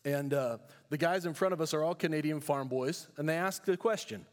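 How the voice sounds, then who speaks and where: A pastor from California preaching a sermon in a church, emphatic, with rhetorical questions and storytelling asides. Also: male voice, on the high side, a little fast, in a large hall.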